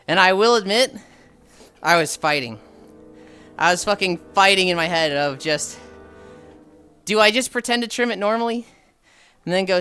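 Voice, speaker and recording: A man's voice: high-pitched, animated, moderate pace, pauses often, pushed and bright, clean tone. A man streaming while walking, chatting casually, rambling with frequent sighs and casual swearing. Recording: faint music behind.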